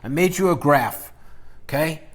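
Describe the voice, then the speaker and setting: Man, shock-jock finance vlogger, higher-pitched, crude, profane, rambling with loud jabs. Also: lively intonation, unhurried. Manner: loose, rambling delivery with sudden loud jabs. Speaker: finance YouTuber. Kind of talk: ranting investing vlog.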